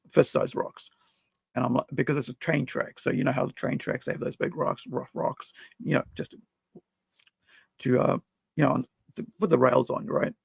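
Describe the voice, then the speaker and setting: A man on a podcast telling a personal story in a rambling, halting way, full of fillers. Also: on the high side, gravelly, slightly rough, no echo. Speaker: podcast co-host.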